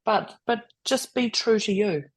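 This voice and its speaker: A woman chatting playfully on a podcast, animated and laughing a lot. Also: medium pitch, a little slow. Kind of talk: casual podcast chat.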